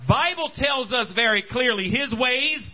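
A man's voice: extremely high pitch, a little slow, lo-fi sound. A man preaching a sermon at a church service, calling out to the congregation. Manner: animated preaching, calls out to congregation. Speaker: pastor.

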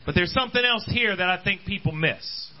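A man's voice: high-pitched, fairly quick, lo-fi sound. A man preaching a sermon at a church service, calling out to the congregation. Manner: animated preaching, calls out to congregation. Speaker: pastor.

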